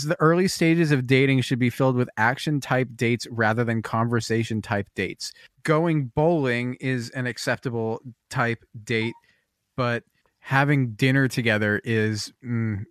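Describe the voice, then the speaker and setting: Male podcast co-host, middle pitch, hesitant and rambling, dry close mic. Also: fairly even intonation, a little slow, dry recording. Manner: meandering, hesitant, reads passages aloud and comments. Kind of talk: casual podcast chat.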